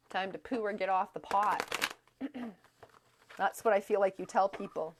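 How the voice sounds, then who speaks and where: A woman doing a live tarot and astrology reading, halting and rambling with many fillers, her throat strained and coughing now and then. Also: mid-range voice, background noise. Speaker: tarot reader.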